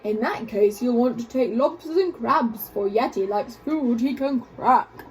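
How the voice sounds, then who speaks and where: A woman voicing a cross female monster who speaks in a loud, drawn-out way. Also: on the high side, a little hiss or hum, close to an everyday voice.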